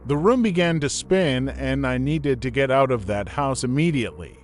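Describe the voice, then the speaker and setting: A man narrating a scripted horror story in a steady, measured reading. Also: medium pitch, slight background noise.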